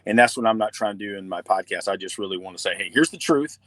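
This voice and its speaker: A man's voice: low-pitched, steady tone, racing, fairly bright tone, no room sound. A man, talking earnestly as a podcast guest in a casual conversation.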